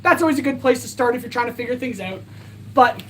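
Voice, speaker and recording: A high-pitched woman winds down a casual livestream, rambling and earnest as she thanks her viewers. She sounds tired and a little out of breath, and her bright voice stays light even as it sags with exhaustion. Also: quick pace, a little hiss or hum. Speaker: livestream host. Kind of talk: casual livestream sign-off chat.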